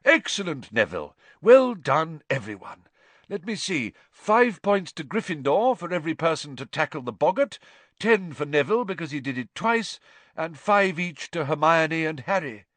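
A man voicing an upbeat male teacher who gives brisk, encouraging commands to a class. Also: fairly high pitch, animated, fairly bright tone, dry recording, voice pushed up.

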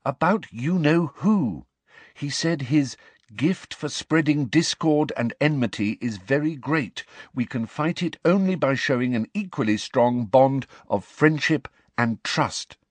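Man doing a bossy, principled teen girl in an audiobook, higher and lively, lecturing. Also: no echo. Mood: earnest. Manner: earnest, lecturing, slow emphatic delivery. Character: clever, earnest teenage girl, bossy and principled.

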